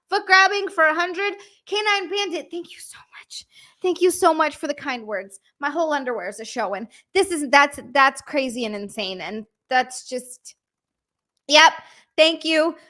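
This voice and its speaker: On a live stream, a young woman reads out super chats in a high, bright, ringing voice. She gushes and thanks her viewers breathlessly, swearing freely as she reads their messages aloud.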